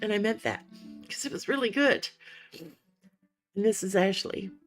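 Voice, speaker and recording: A woman's voice: mid-range voice, moderate pace, faint music behind. A woman hosting a casual livestream for writers, chatty and encouraging, calling viewers honey and sweetie, with a cough that keeps breaking in. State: coughing now and then.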